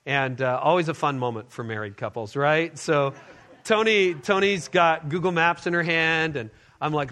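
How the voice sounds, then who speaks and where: A man's voice: a little high, moderate pace, bright, forceful tone. A middle-aged male pastor giving a talk to a congregation, telling a personal story and acting out the dialogue in it. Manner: storytelling, acts out quoted dialogue. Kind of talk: sermon-style leadership talk.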